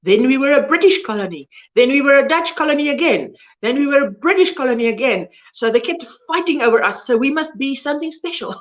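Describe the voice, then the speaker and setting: In a muffled recording, a high-pitched woman talks fast and animatedly with few pauses. The South African crochet livestream host, a native Afrikaans speaker, rambles chattily through viewer comments and loses words mid-sentence.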